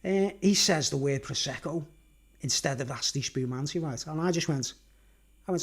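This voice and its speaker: On the high side and slightly rough, this man's Merseyside-accented voice moves at a moderate pace as he tells a long story at home for a casual livestream. He's emphatic throughout, pressing his points and repeatedly asking "right?" and "do you understand?"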